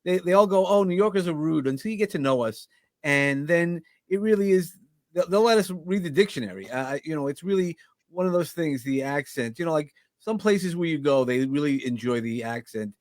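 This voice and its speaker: A man's voice: a little high, lively intonation, normal speed, no echo. Blunt New York man, dry sound. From Brooklyn, New York. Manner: blunt, straight-talking, fillers and restarts. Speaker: podcast host as guest. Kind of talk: casual interview chat.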